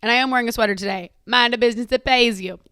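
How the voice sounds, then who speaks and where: A young woman hosts her podcast alone in a sassy, profane chat, laughing often and talking straight to her listeners. Her voice sits fairly high and sounds a little hoarse and tired. The recording is dry and close. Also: racing, fairly bright tone, dry recording. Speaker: podcast host. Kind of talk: casual solo podcast chat.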